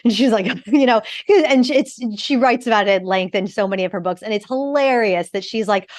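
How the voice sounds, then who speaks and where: A woman who is an actor and podcast host, chatting in an animated, opinionated way and swearing freely. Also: on the high side, brisk, hardly any pauses, no echo, studio quality. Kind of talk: casual podcast chat.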